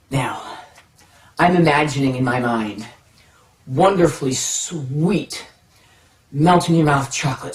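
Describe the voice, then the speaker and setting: Guy telling a funny story from when he was a kid, kinda high voice, roomy echoey sound, mic a bit far off. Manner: animated, drawn-out pauses, playful suspense. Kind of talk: personal anecdote storytelling. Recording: roomy, from a distance.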